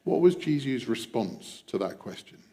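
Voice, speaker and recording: A man preaching a devotional sermon, reflective, dropping his voice to a hush when voicing quoted prayers. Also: medium pitch, sing-song, normal speed, long reverb tail. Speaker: pastor.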